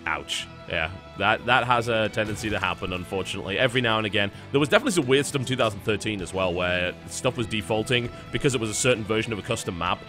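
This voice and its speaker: An esports caster calls a live match with wry, talkative play-by-play, going on at length about the games and the format. His voice is fairly low and he talks fast with few pauses, music playing behind him.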